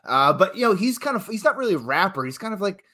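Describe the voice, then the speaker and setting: A man's voice: high voice, big pitch swings, fast talker, pushed and bright. A man co-hosting a podcast, chatting casually with a jokey, playful manner. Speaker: podcast co-host. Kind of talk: casual chat.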